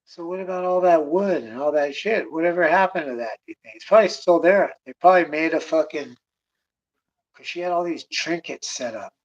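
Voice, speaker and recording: A man's voice: fairly high pitch, fairly quick. Rambling, foul-mouthed man, lo-fi sound. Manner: profane, rambling, swears constantly; drops to a mutter, then rises in bursts. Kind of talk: casual storytelling rant. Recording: dull lo-fi recording.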